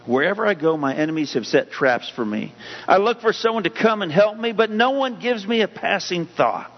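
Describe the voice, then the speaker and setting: A man's voice: high voice, sing-song, normal speed. A male pastor delivering a sermon, rising in emphasis as he reads scripture. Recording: dull hum-laden audio with long hall reverb.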